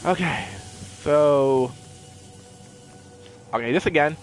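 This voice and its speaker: A man casually commenting on his own gameplay, excitable, exclaiming and playfully taunting enemies into a desk mic. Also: sits high, unhurried, long pauses, faint music behind. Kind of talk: casual let's-play commentary. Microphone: personal desk mic.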